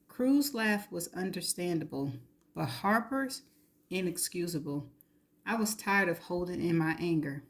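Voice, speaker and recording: A woman reading a novel aloud in the first person, steady and intimate. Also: on the low side. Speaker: reader.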